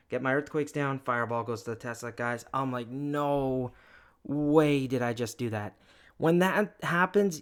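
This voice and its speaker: Fast-talking excitable gaming commentator man. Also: mid-range voice. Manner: excitable, chatty, self-mocking. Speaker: gaming YouTuber. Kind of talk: game commentary over gameplay.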